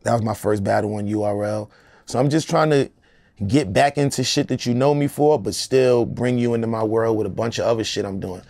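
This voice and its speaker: A middle-aged man, a rapper, speaks in an interview with a gravelly, rough edge to his voice. He talks in a loose, emphatic, streetwise way. The sound is dry and close-miked. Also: fairly low pitch, a little fast, a little mellow, dry recording. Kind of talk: casual interview talk.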